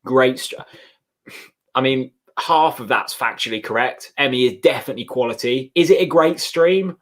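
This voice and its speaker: A man's voice: medium pitch, normal speed. A man hosting a fan watchalong stream, chatting casually and reading viewer messages with banter. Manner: chatty, reads out super chats with banter.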